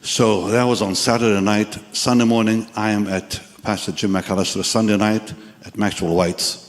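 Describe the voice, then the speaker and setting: A man in his seventies preaching a dramatic sermon testimony to a large congregation. He swings from hushed tones to sudden shouts. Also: on the low side, fairly even intonation, normal speed. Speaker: pastor. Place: large church or crusade hall with congregation. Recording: echoey hall sound.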